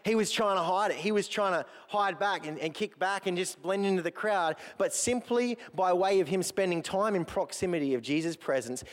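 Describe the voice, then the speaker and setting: Aussie pastor guy preaching, earnest, gets fired up, kinda high voice, big echoey church hall. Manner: earnest, builds in intensity, self-deprecating humor. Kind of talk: sermon. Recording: long hall reverb.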